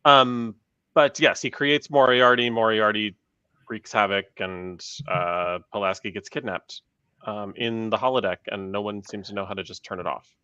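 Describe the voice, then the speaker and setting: A man's voice: on the low side, fairly even intonation, normal speed, sharp tone, clear, resonant tone, dry recording, dull audio. A man hosting a podcast, reading episode summaries with sarcastic asides. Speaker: podcast host. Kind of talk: casual podcast chat.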